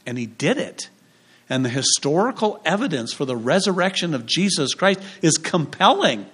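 Chatty male pastor, slightly high voice. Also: very animated, moderate pace, fairly bright tone, breathy edge. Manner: conversational preaching, jokes and rhetorical questions. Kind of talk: sermon.

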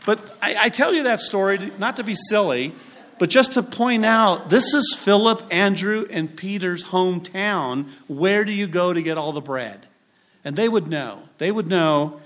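Pastor, man, higher register, chatty sermon with jokes, church setting. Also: animated, a little slow, fairly bright tone. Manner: conversational preaching with humorous asides.

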